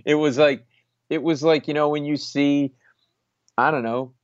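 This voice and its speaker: A man's voice: on the high side, fairly even intonation, unhurried, dry recording. A man from Rhode Island, a comedian and former lawyer, telling a story casually with many restarts and self-mocking asides. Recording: dull lo-fi, dry sound.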